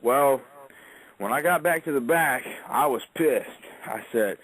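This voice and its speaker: A man's voice: mid-range voice, a little slow, fairly bright tone, breathy edge, no echo, rough recording. A man, a wrestler, telling an in-ring story in a casual, profane interview, acting out quotes as he goes.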